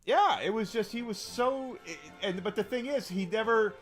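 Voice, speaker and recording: A man's voice: high-pitched, moderate pace, soft background music. A man streaming a game and telling a long story in a rambling, casual way, full of restarts and fillers.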